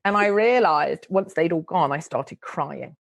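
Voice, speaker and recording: Middle-aged woman, podcast guest, lively storyteller, close dry recording. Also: deep voice, a little slow, creaky, no echo. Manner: animated, chatty storytelling with frequent laughs. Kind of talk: casual interview chat.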